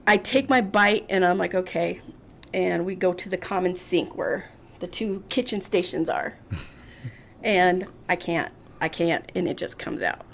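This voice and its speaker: A woman's voice: fairly low pitch, a little slow, creaky, a little hiss or hum. A woman in her fifties, a podcast guest telling a funny story and acting out other people's lines. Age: 50s. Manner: animated storyteller, acts out others' lines, laughs often. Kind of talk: casual storytelling.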